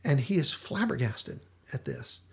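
A man's voice: mid-range voice, big pitch swings, a little slow, fairly bright tone. A male podcast host casually discussing a TV episode, retelling its scenes with lots of restarts and fillers.

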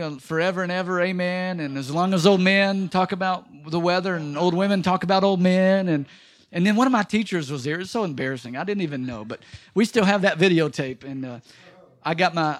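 Animated high-voiced preacher man. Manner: animated, swings from loud exclaiming to soft emphatic lines. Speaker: pastor. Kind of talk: sermon. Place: church.

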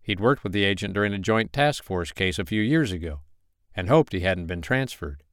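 Male audiobook narrator, steady reading, resonant voice, dry close mic. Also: deep voice, moderate pace, clean tone, dry recording. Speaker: audiobook reader.

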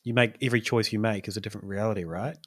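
A man's voice: fairly low pitch, steady tone, very fast, slightly rough, dry recording, clean studio sound. A man, co-hosting a casual podcast chat and telling a rambling story with many fillers. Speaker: podcast co-host.

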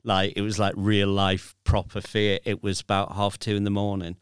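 A man with a lowish voice tells a late-night scare story to friends, earnest and emphatic. The recording is dry and close-miked. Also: monotone, moderate pace, clean tone, dry recording. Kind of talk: casual podcast chat.

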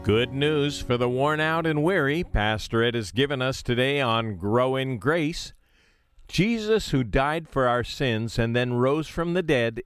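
Lively male radio announcer, dry studio. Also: mid-range voice, no room sound. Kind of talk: scripted program outro.

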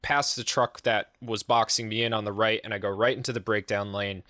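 A man's voice: fairly low pitch, brisk, no echo. Profane storytelling man, dry close mic. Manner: profane, animated, acts out quoted voices. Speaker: podcast host. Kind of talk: casual storytelling.

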